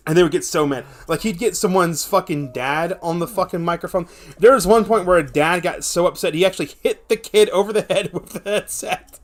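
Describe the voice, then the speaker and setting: A man's voice: high-pitched, brisk, soft background music. Profane, rambling young male streamer. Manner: rambling, profane, animated storytelling. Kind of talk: casual gameplay chat and storytelling.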